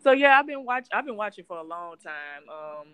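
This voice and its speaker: A woman's voice: medium pitch, sing-song, moderate pace, fairly bright tone, clear, resonant tone. A woman in her twenties with a Southern US accent, a blunt, cursing podcast co-host in casual chat. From California, raised in Alabama. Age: 20s. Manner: blunt, swears freely.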